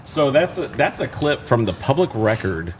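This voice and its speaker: A man's voice: mid-range voice, big pitch swings, moderate pace, a little hiss or hum. A man co-hosting a casual local podcast, rambling and repeating words with many fillers. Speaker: podcast co-host. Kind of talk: casual chat.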